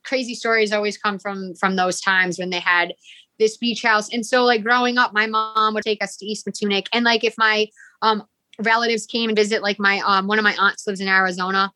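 A woman's voice: medium pitch, steady tone, a little fast, bright, forceful tone, dry recording. A woman with a Rhode Island accent, chatting casually as a podcast guest with lots of "like" and rambling asides. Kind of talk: casual interview chat.

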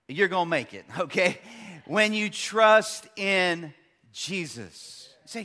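A pastor in his thirties preaching a sermon, swinging between loud, emphatic peaks and quiet, hushed stretches. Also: high-pitched, expressive, takes it slowly. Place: large church hall. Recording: long church hall reverb.

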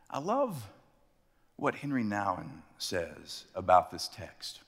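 Man, pastor, sermon, lively pitch swings, bright tone, long church reverb. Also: creaky. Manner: animated storytelling, dramatic slowdowns for emphasis.

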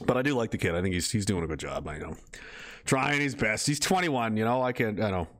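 A man's voice: on the low side, expressive, brisk, fairly bright tone. A man chatting casually on a live stream, rambling, swearing freely and reading viewer messages aloud. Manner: rambling, profane, laughing, reads chat aloud.

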